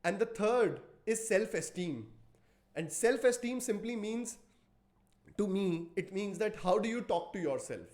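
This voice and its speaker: High-voiced man giving motivational talk. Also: expressive, a little slow, a little mellow. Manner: emphatic, repeats key phrases for effect; asks listeners direct rhetorical questions. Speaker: podcast host.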